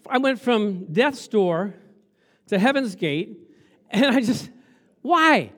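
A man preaching a sermon, acting out Bible scenes and laughing often as he talks. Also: high-pitched. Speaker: pastor.

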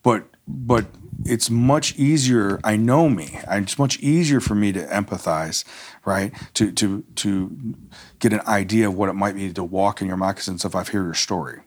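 A man's voice: lowish voice, moderate pace. A man who is a guest on a talk podcast, speaking thoughtfully and often repeating words as he works through an idea. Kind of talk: casual conversation.

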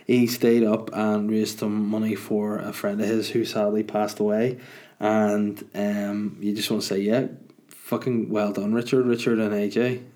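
Low-voiced man, rambling and sweary. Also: level tone, a little slow, dark tone. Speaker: podcast host and stand-up comedian. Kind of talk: casual solo podcast chat.

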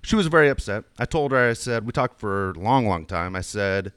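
Middle-aged guy, lowish voice, dry close sound, rambling coaching story. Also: lively intonation, a little fast, a bit bright, clean tone, dry recording. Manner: rambling anecdotes with frequent restarts. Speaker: youth baseball coach. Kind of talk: casual storytelling chat.

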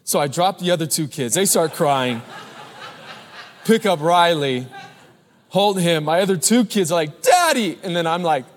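A man in his thirties preaching a sermon as pastor, animated, telling stories and calling out to the congregation. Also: on the high side, moderate pace, long pauses, a little hiss or hum. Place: large church. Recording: live church hall with long reverb.

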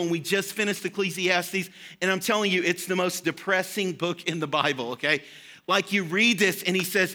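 A young man preaches in a high, bright voice. He speaks earnestly and encouragingly, and he acts out the prayers he quotes in his sermon. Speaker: pastor.

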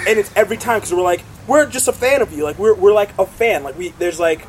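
A teenage boy in a band, chatting excitably in an interview and acting out what people said. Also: sits high, fast, few pauses, background noise. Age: teens. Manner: excitable, acts out quotes, many fillers. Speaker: band member guest. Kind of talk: casual interview chat.

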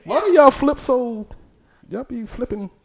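A man's voice: very high-pitched, expressive, unhurried, gravelly. Guy hosting a stream, joking and cussing, voice jumps all over. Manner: loud, joking, profane banter. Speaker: host. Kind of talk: casual live-stream chat.

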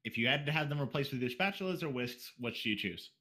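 Bright-voiced teasing male podcast host. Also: medium pitch, lively intonation. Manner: teasing, crude, brisk question-reading. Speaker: podcast host reading listener questions. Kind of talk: casual podcast banter.

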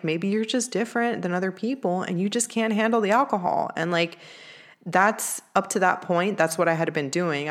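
A young woman telling a personal story in a candid, earnest way, with lots of "like" fillers. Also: lowish voice. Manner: candid, heavy use of "like" fillers; earnest, emotional confessional tone.

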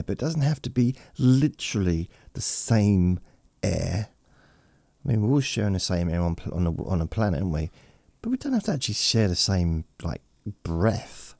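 Low-pitched, sing-song and a little mellow, this host's creaky voice moves at a moderate pace on his bedtime podcast. He meanders and pokes fun at himself, and his close-miked studio voice is processed to relax listeners, with no echo.

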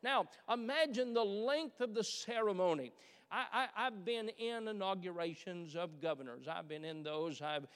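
A man preaching a sermon as pastor, animated, with many filler uhs and repeated starts, asking the congregation questions. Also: sits high, clean tone. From Kentucky, USA. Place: church sanctuary. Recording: church hall reverb.

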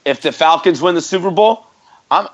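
A man co-hosting a sports podcast, boasting loudly with hot takes in casual banter. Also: fairly high pitch, normal speed. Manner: brash, boastful trash talk. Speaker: podcast co-host. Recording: dull lo-fi podcast audio.

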